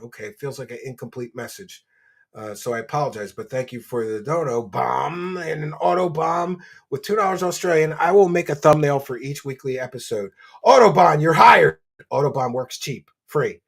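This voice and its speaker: A brash man hosts a livestream, reading out donations in casual, mocking chat. His voice is husky and sits at an ordinary middle pitch. He swears freely and teases openly. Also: normal speed. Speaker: livestream show host.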